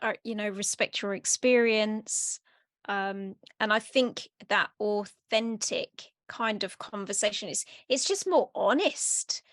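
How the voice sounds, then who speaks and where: A woman's voice: mid-range voice, slow, dry recording, studio quality. A woman hosting a casual interview, supportive and affirming as she listens and asks questions. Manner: supportive, with frequent affirming backchannels. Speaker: interview host.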